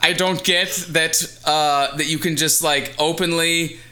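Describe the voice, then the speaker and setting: A man's voice: on the high side, steady tone, unhurried, sharp tone. A man co-hosting a casual comedy chat, rambling and joking with lots of restarts, acting out little voices. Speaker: podcast co-host.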